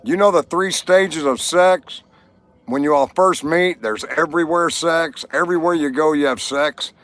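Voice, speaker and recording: A man's voice: on the high side, normal speed, fairly bright tone, no echo. Chatty man hosting a livestream. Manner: chatty, jokey, talks to viewers. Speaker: livestream host. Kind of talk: casual livestream chat and joke telling.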